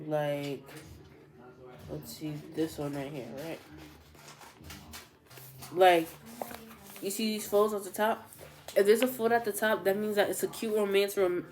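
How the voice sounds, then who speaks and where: A young woman chatting casually to her camera at home, gushing about a book with lots of "like" and "literally.". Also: fairly low pitch. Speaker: vlogger.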